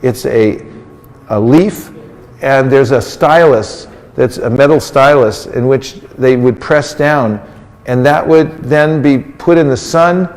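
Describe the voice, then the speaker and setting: A religious teacher preaches to a group in a mid-range, darkish voice, drawing the audience into call-and-response. He coaxes answers from them in a playful, teasing way. The long reverb of a large hall surrounds him.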